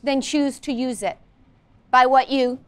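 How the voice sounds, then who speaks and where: Brief: woman teacher, high bright voice, upbeat, quizzes her class in a classroom. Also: fairly even intonation, a little slow, clean tone. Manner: upbeat, coaxing, asks the class many questions. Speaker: social-emotional learning teacher. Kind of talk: classroom lesson. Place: school classroom.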